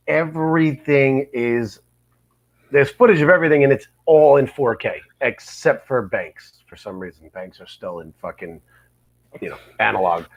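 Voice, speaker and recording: Lively-voiced man chatting as a podcast guest. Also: medium pitch, muffled recording. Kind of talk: casual podcast chat.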